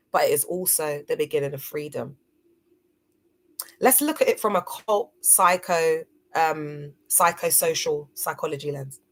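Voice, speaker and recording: A woman hosting a motivational livestream, speaking earnestly to her viewers and reading from her notes. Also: on the low side. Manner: earnest, reads from notes, addresses viewers as guys. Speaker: livestream host.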